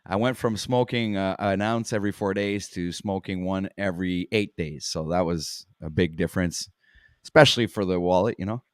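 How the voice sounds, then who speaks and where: A man's voice: deep voice, moderate pace, clean tone, no echo, studio quality. A man with a Quebec Canadian accent in casual chat, laughing often and stumbling over his words.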